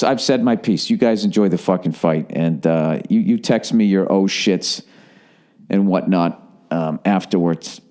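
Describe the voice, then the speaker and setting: A podcast host in his forties records a solo show from his Los Angeles home, ranting with profanity and sarcasm and mocking people in put-on voices. His voice is medium in pitch with a darkish tone.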